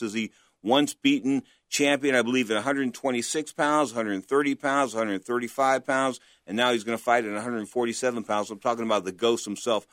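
A male talk radio host who runs a boxing show in a chatty, hype-driven way. His voice is mid-pitched and dry, close to the mic. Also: fairly even intonation, brisk, fairly bright tone, no echo.

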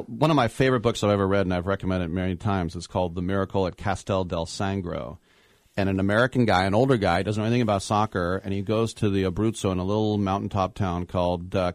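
A man's voice: low-pitched, dry recording. A man hosting an interview, chatty and enthusiastic, full of tangents and trivia. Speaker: podcast host. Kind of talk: casual interview chat.

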